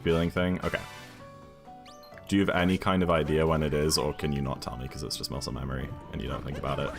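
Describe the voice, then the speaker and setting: A man's voice: extremely low pitch, little pitch movement, quick pace, creaky, music in the background. A British man streaming a video game, chatting casually and thinking aloud while answering viewers' questions. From United Kingdom.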